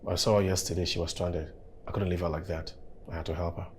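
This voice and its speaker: An actor with a Nigerian English accent playing a kind young man who helped a stranded woman. He speaks calmly and earnestly, and turns defensive when teased. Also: deep voice, fast talker, a little hiss or hum, lightly acted.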